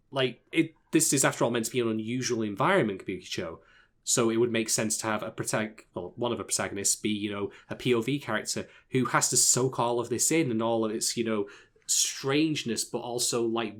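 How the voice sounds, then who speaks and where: Chatty man reviewing anime, opinionated. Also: medium pitch. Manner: animated and opinionated, many filler words. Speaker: podcast co-host. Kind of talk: casual anime review chat.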